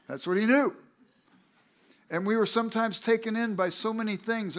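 A man preaching a sermon, telling his own story in a conversational way with lively asides. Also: high-pitched. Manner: animated, acts out quoted people with a raised voice; conversational, self-correcting asides.

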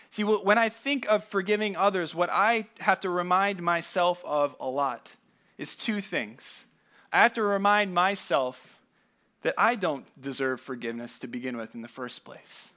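A pastor giving a conversational sermon, telling stories casually with asides and repeated words. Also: male voice, sits high, normal speed, pushed and bright.

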